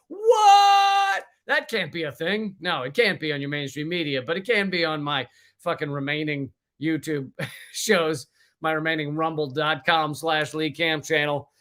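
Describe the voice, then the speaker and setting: A man's voice: on the high side, pushed and bright. A man hosting a livestream, ranting in a casual, profane, rambling way with many restarts. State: sweating from heat. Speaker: comedian livestream host.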